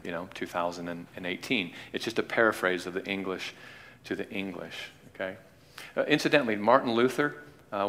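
Halting lower-voiced man lecturing in a reverberant hall. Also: fairly bright tone. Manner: halting, repeats words and restarts often. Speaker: Bible teacher. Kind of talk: informal classroom lecture.

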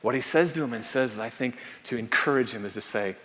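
A man preaching a sermon in an easy, conversational way. He often repeats himself, adds tag questions, and goes quiet and hushed when he quotes prayers. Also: medium pitch, a little fast, few pauses. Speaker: pastor. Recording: hall reverb.

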